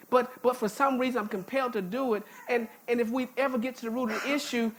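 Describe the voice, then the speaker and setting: A woman's voice: fairly high pitch, steady tone, fast, few pauses. A woman pastor preaching a sermon in a church, folksy and emphatic, often repeating words as she restarts. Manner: folksy, informal speech with jokes. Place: church sanctuary.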